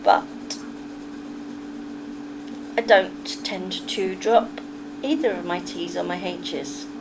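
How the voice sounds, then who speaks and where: Slow-talking Kentish woman streamer. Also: lowish voice, background noise. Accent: Kentish English. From England. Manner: chatty, opinionated, talks straight to chat. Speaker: livestreamer. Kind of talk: casual livestream chat with viewers.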